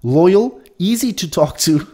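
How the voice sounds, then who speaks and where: A man's voice: high-pitched, lively intonation, takes it slowly, mellow. A young man co-hosting a podcast, chatting casually and reading out dating profiles with a mocking, profane tone. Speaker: podcast co-host. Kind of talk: casual chat.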